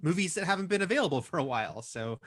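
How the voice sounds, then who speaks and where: A man chatting casually as a panelist, enthusiastic and quick to chuckle. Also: on the high side, lively intonation, fairly bright tone. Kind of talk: casual chat.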